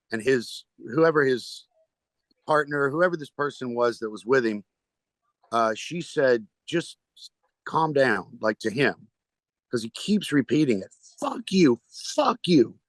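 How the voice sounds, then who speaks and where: A man of middle pitch tells a long story as a podcast guest. He rambles and halts, restarting his sentences. The sound is dry and close, with no room around it. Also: a bit bright, dry recording. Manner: rambling, halting, with restarts and quoted voices. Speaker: stand-up comedian guest.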